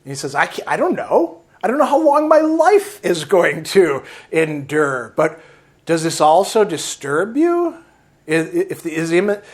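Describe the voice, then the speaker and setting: Man lecturing on a classic text. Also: high voice. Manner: reads quotes aloud, then comments with "right?". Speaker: philosophy lecturer. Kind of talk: lecture reading and explaining a text.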